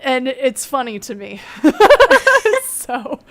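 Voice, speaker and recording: A young woman on a video call telling a story casually, chatty and laughing often, with dark humor. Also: high-pitched, slow pace.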